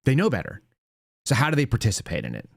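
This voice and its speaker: Guy hosting his own commentary show, blunt and fed up, rambly, mid pitch, dry close sound. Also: huge pitch swings, quick pace, gravelly, no room sound. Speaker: show host.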